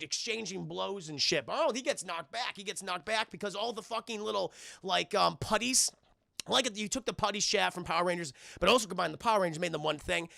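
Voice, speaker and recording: A man's voice: high-pitched, gravelly, sharp tone, no room sound, studio quality. A young man streaming a casual film recap, swearing freely and rambling as he keeps talking to his live chat.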